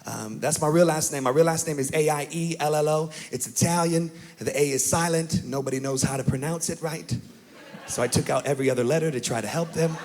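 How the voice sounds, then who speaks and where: A young man doing a stand-up comedy set on a club stage, talking animatedly and shouting out impressions of his family. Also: a little high, fairly quick. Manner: animated, shouts and mimics family members in punchlines.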